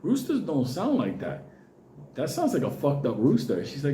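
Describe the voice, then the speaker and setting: A man's voice: mid-range voice, huge pitch swings, moderate pace, mellow, reverberant, slight background noise. A Puerto Rican man telling a long personal story in a casual, profane way, often laughing.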